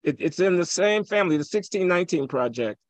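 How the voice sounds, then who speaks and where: A man's voice: high voice, expressive, quick pace, no room sound. A man from Chicago, a guest economist on a podcast, arguing provocatively and insisting on finishing his point. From Chicago, USA. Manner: forceful, provocative, holds the floor. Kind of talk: impassioned podcast debate.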